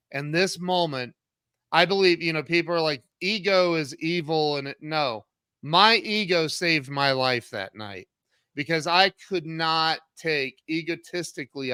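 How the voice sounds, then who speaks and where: A man's voice: a little high, clean tone, dry recording, clean studio sound. A middle-aged man, an author and CEO, telling his own story earnestly in an interview and acting out past dialogue. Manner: earnest, acts out past dialogue with sudden loud jumps.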